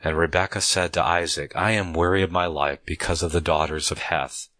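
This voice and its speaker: A man teaching from the Bible, reading the passages aloud at a measured pace and breaking off to comment on them in a conversational way, often restarting his sentences. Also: low-pitched, fairly even intonation, pushed and bright, no echo.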